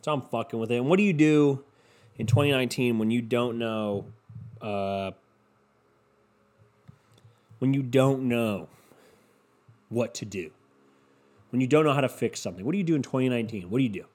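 A man's voice: mid-range voice, normal speed, long pauses, darkish tone. A young man hosting his own podcast, telling stories in a casual, rambling, crude comedic way full of swearing. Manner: profane, rambling, crude humor. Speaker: podcast host.

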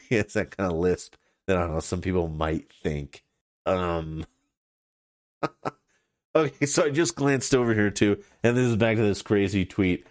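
A man's voice: fairly low pitch, dry recording, clean studio sound. A man hosting his own podcast, ranting bluntly and with profanity, mocking opponents and laughing at his own jokes. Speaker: podcast host. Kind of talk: opinionated solo podcast rant.

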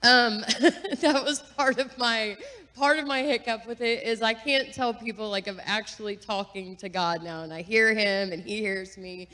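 Woman guest sharing testimony, higher voice, earnest and chatty, with a long hall echo. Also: moderate pace. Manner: earnest, chatty, with fillers and soft laughs. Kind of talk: personal testimony at church. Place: church sanctuary. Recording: long reverb of a large hall.

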